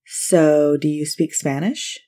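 An easygoing, curious teenage boy surfer chats in a low, relaxed tone, as a woman reader puts him on. He sounds friendly and unhurried, like a character in a spoken short story.

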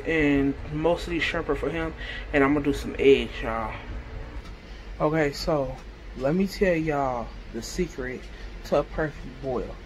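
A woman's voice: deep voice, a little mellow. Playful woman cooking in her kitchen, chatting to viewers, bit of noise behind. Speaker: cooking vlogger. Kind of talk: casual cooking chat to camera. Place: home kitchen.

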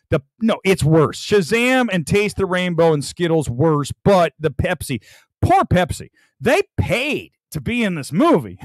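Animated man ranting on a live stream. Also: high voice, no echo. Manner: animated, mocking, laughs a lot while ranting. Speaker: host. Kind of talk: live stream movie rant.

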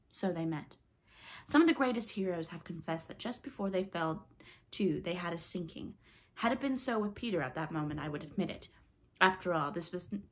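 A woman reads a children's storybook aloud with a slightly low voice. Her delivery is dramatic and expressive, and she lifts her pitch to stress the exciting turns of the story. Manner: dramatic, expressive reading with rising emphasis. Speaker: audiobook narrator. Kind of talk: storybook narration.

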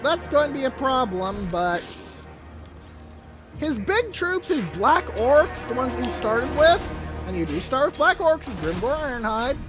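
A let's play gamer, giving animated, swear-heavy commentary while playing a strategy game. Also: sits high, unhurried. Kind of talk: casual gameplay commentary. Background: game music.

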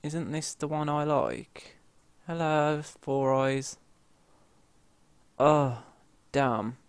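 British male gamer, excitable commentary, unhurried delivery, dry recording. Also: fairly high pitch, smooth, no room sound. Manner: excitable, yelps and grumbles at the game. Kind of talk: let's play commentary.

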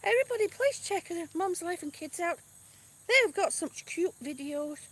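A woman's voice: high voice, a little slow, fairly bright tone. A middle-aged woman vlogging outdoors in casual live-stream chat, chatty and a little exasperated, with sighs. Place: outdoors on grass. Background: crickets and passing cars.

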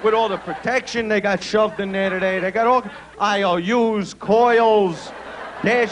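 A man doing a crude stand-up routine, brash and loud, tossing "right?" at the audience. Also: sits high, moderate pace, noisy background. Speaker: stand-up comedian. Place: comedy club stage before a live audience. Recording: 1980s club recording with loud crowd laughter.

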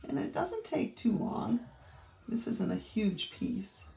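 A woman's voice: mid-range voice, sing-song, slow, creaky, warm tone. A middle-aged woman with a Maine accent, demonstrating a craft technique in a chatty way with rambling asides. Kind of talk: craft tutorial. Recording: roomy echo.

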